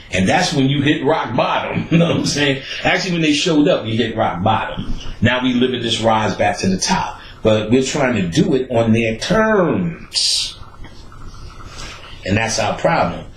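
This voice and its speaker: Male host ranting, lively pitch, swears freely, chuckles between points, echoey room. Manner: animated, profane, laughs between points. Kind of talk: casual ranting monologue. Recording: roomy echo, faint background ambience.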